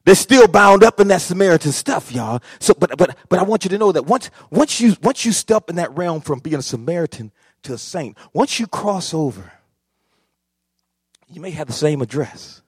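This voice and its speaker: A male pastor preaching a sermon, swinging from quiet talk to shouting and calling out to the congregation. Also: high voice, expressive, normal speed, breathy edge, dry recording, studio quality. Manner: repeats phrases, calls out to congregation.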